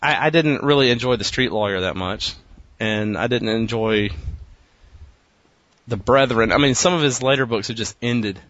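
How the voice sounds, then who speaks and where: A man's voice: medium pitch, moderate pace, fairly bright tone, no echo. Chatty joking man on a podcast. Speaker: podcast co-host. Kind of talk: casual chat. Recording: dry, dull lo-fi sound.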